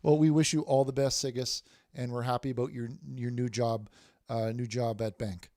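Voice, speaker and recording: A man's voice: medium pitch, level tone, normal speed, warm tone, dry recording, studio quality. A man hosting a casual livestream, reading viewer messages aloud with many restarts and repeated words. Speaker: livestream host reading chat.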